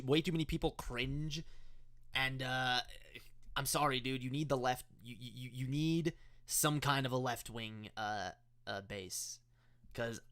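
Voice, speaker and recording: A man's voice: mid-range voice, no echo, clean studio sound. A man from Canada with an unusual mixed accent, hosting sarcastic reaction commentary, stammering and laughing often. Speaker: commentary video host.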